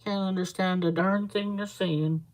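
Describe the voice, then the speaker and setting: Her mid-range voice stays fairly even and a little slow as this Canadian woman crafts on a casual live stream. She rambles, reads out viewer comments and chats back, though the audio is poor.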